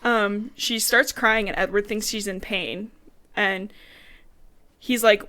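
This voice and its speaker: A woman's voice: medium pitch, moderate pace, bright, forceful tone. A young woman co-hosting a podcast, recapping a book in casual chat, swearing freely and acting out characters' lines. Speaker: podcast co-host.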